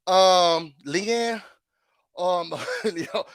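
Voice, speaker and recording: A man with a high, bright, sharp voice gives a casual reality-show recap to his viewers. He talks in a chatty, animated way, with laughs and dramatic asides. The sound is dry and close. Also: very slow, clear, resonant tone, no room sound. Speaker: YouTube host.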